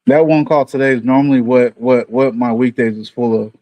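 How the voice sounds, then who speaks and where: A man with a New York accent chatting with viewers on a livestream in an easygoing way, drifting from one thought to the next. His pitch sits in a middle range. The room sounds dry and close, with no echo. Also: fairly even intonation, a little fast, warm tone, highs cut off. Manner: rambling, easygoing, thinks aloud. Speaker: livestream host. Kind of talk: casual livestream chat with viewers.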